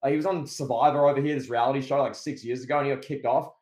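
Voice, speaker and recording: A man's voice: medium pitch, racing, echoey room, rough recording. An Australian man co-hosting a podcast, chatting casually about wrestling and acting out the promos he recaps. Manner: animated, acts out quoted promos. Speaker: podcast co-host.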